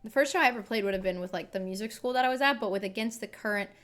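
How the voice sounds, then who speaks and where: A woman's voice: mid-range voice, racing, fairly bright tone, soft background music. A young woman, a singer, chatting casually on a live stream into a desk microphone, rambling with lots of filler words.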